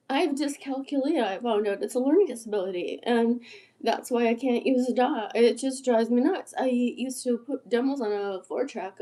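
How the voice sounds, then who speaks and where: A woman in her sixties rambling casually on a late-night livestream, her voice hoarse and tired, often sinking to a whisper, swearing freely and laughing between phrases, picked up by an iPad. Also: fairly high pitch, mellow. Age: 60s. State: hoarse after illness. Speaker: musician livestreaming.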